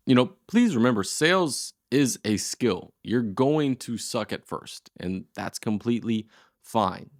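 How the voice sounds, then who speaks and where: A man's voice: lowish voice, dry recording, studio quality. A man in his twenties with an American accent, coaching his audience bluntly and energetically, then leading a sales call. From United States. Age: 20s. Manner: blunt, energetic, swears casually. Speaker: agency owner teaching a course.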